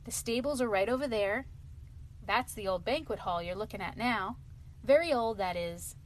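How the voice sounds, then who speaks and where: A woman voicing a cheerful, good-natured male water rat in a storybook reading, with a brisk, lively manner. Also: medium pitch, a little hiss or hum, lightly acted.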